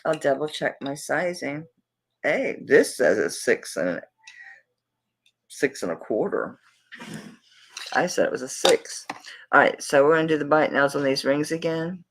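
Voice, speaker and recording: A woman's voice: low voice, expressive, a little slow, long pauses, rough recording. Chatty Southern woman selling jewelry live. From Tampa, Florida, USA. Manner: chatty and rambling, talking to herself while searching. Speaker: live jewelry sale host. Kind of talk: casual live-stream selling chat.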